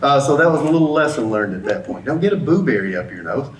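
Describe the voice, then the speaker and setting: A man's voice: medium pitch, fast. A middle-aged man, a business coach, gives a motivational talk and acts out the people in his story. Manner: lively storyteller who acts out the dialogue. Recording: roomy sound, mic at a distance, faint background hum.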